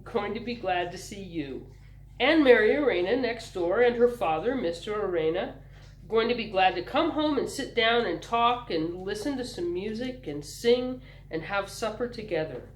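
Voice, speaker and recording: A woman's voice: medium pitch, lively intonation, moderate pace, echoey room, natural voice, poor audio. A woman voicing a kind, patient teenage boy who speaks in a reassuring, thoughtful way.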